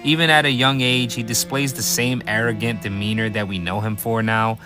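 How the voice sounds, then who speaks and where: A man's voice: lowish voice, steady tone, a little fast, music in the background. A man narrating an anime story recap as commentary, swearing freely and tossing hyped, sarcastic asides to his viewers.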